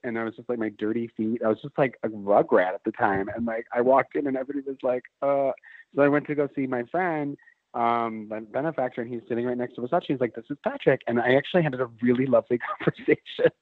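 A man's voice: medium pitch, fairly even intonation, fast talker, no room sound. A man in his forties, a guest in a casual chat, telling a long story with lots of restarts and fillers. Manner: rambling, many restarts and "like". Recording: tinny phone-line sound.

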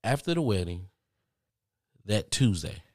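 A man vlogging, telling a story casually to his viewers with lots of cursing and animated asides. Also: on the low side, a little slow, no echo, studio quality. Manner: profane, animated, talks straight to viewers.

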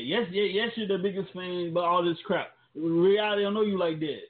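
Male co-host for casual chat, slangy storyteller, a bit high, phone-thin audio. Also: a little fast. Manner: loose, rambling storytelling, slangy. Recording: tinny phone-like sound.

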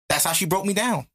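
Young man, casual podcast co-host, animated storyteller with a bright, husky voice. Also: high-pitched. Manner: animated storyteller who acts out quotes. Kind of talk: casual chat.

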